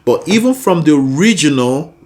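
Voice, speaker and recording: Expressive and mid-range, with a darkish tone and ordinary pacing, this voice belongs to a vocal coach who cheers the student on. Brief sung demonstrations break up the spoken explanations.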